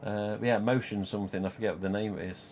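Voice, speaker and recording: Rambling low-voiced man. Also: steady tone, quick pace, a little mellow, slight background noise. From Nottingham, England. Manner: rambling, swears freely, laughs at own jokes. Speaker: live stream host. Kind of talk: casual storytelling chat.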